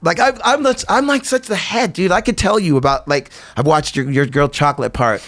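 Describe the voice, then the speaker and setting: A middle-aged man talks in a fairly high voice as a guest on a podcast, animated and full of stories. He acts out what other people said in quick put-on voices. The sound is dry and close to the mic. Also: dry recording. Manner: animated storyteller, acts out quotes in shifting voices. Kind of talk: casual interview chat.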